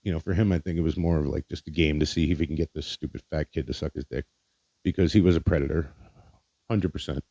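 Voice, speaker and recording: A man's voice: a bass voice, steady tone, quick pace, dark tone, no echo. A man hosting a podcast, telling a personal story in a candid, profane way, often stumbling over and repeating his words. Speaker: podcast host.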